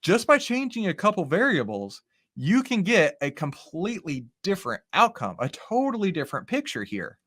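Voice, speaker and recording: Speaking at normal speed in a fairly high voice, a man gives casual live market commentary while hosting a stock-trading stream. He's animated and lively, working through charts, interacting with chat, and often asking "right?" and "okay?"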